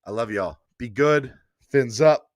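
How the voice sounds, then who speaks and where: A man's voice: unhurried, dry recording, clean studio sound. A man from New York hosting a sports podcast, energetically repeating promos and calls to sign up. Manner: energetic, repetitive hype-man pitching.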